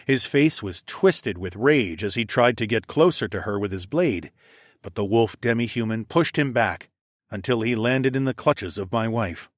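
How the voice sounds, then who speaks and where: A man reading a first-person audiobook in steady, measured scripted narration. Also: fairly low pitch, dry recording, studio quality.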